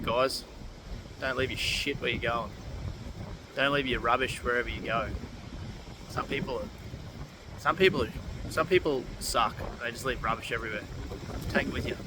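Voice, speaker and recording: A young Australian man vlogging his travels outdoors, casual, slangy and often excited. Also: medium pitch. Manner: laid-back, slangy, excitable. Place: outdoors on a windy coast. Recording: outdoor recording with wind noise.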